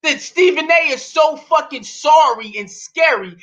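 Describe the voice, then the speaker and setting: A man's voice: extremely high pitch, lively intonation, a little slow, few pauses, a bit bright, highs cut off. A man in his thirties hosting a heated solo sports rant, indignant and profane, firing off rhetorical questions. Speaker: sports talk host.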